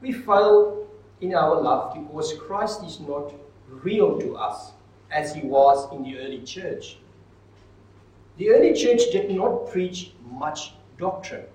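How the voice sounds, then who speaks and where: A man preaching a sermon with emphatic swells and dramatic pauses, recorded from a distance in a church. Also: a little high, darkish tone. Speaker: pastor. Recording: echoey hall, mic far off.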